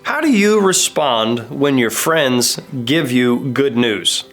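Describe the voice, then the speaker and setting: A man's voice: medium pitch, big pitch swings, takes it slowly, fairly bright tone, soft background music. A man in his thirties, a pastor, preaching a sermon in a casual, storytelling way and acting out the people he quotes. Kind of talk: conversational sermon.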